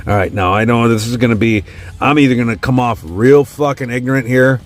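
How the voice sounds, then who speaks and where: A man's voice: mid-range voice, expressive, normal speed. A man casually ranking music in a profane, opinionated rant. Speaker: host.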